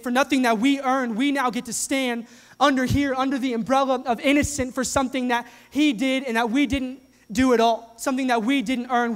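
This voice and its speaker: A young adult man preaching a sermon to his congregation, earnest and animated, often restarting his sentences. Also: very high voice. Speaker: pastor. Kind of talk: sermon with live demonstration. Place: church hall with live audience. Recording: long hall reverb.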